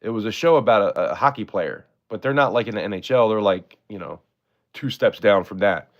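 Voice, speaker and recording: Low-voiced man hosting a casual stream auction. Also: lively intonation, brisk, muffled recording. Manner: chatty, laid-back, often thanks viewers. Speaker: live-stream auction host.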